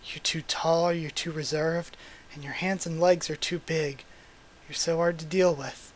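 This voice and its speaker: Small blunt rabbit girl from a manga, read aloud by a man in a slightly high voice. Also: fairly even intonation, unhurried, slight background noise, natural voice. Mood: wistful. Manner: blunt, exasperated. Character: small frank young female rabbit.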